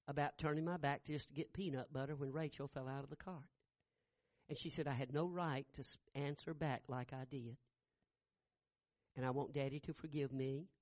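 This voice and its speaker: A middle-aged man preaching a sermon, telling a family story and building to loud shouted peaks. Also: medium pitch, no echo, clean studio sound. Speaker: pastor.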